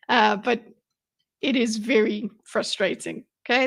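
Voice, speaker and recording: A woman's voice: a little high, steady tone, takes it slowly, long pauses, a bit bright. A woman hosting a livestream, reacting to a debate in blunt, exasperated commentary full of swearing. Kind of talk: casual commentary.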